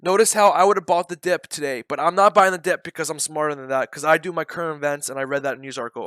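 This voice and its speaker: A man talking through his trades on a live day-trading stream, blunt and openly frustrated. He repeats himself to drive a point home. His voice sits a little high and comes through smooth and clear, with a dry, close sound. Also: quick pace, hardly any pauses, sharp tone, dry recording.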